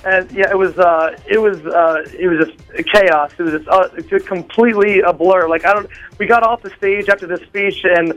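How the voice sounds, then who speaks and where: A man, a drummer, chatting excitedly on a phone line with a radio show, rambling with many fillers and restarts. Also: high-pitched, moderate pace, soft background music. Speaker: drummer interviewed as a guest. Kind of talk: excited phone interview chat.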